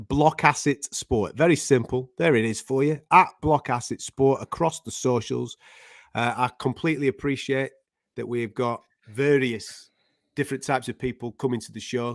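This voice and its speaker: A man's voice: medium pitch, dry recording, clean studio sound. A man with a Mancunian accent hosting a live show, talking in casual, laddish banter. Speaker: host.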